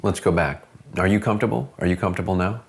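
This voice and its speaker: Deep-voiced earnest male interviewer. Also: fast talker, vocal fry. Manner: earnest, probing, apologetic. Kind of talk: mock-serious documentary interview.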